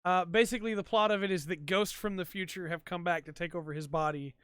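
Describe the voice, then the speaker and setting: A man's voice: high-pitched, fast, a bit bright, smooth, no room sound, clean studio sound. A man hosting a podcast, chatting casually and rambling with lots of ums and likes. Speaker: podcast host. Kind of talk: casual solo chat. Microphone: desk mic for a stream.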